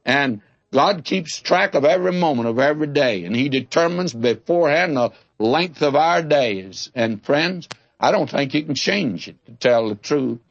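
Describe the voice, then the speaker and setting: A man's voice: fairly high pitch, lively intonation, normal speed, no echo, lo-fi sound. An older man giving a folksy, conversational Bible teaching, drawing out key words for emphasis and telling humorous anecdotes.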